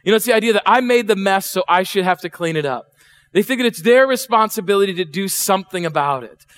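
A man's voice: high-pitched, lively intonation, fast talker, fairly bright tone. A middle-aged man preaching a sermon, chatty and full of questions to the congregation. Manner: conversational, asks the congregation questions, acts out voices. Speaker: pastor. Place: church.

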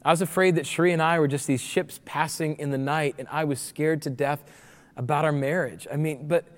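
A man in his forties, a pastor preaching a sermon, telling the story in an animated way and acting out voices of the people. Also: fairly high pitch, brisk. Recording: long reverb of a large hall.

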